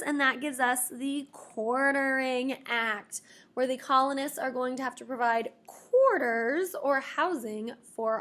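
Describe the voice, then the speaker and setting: A woman teacher giving a lively history lesson to her students, expressive and playful with asides. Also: high voice.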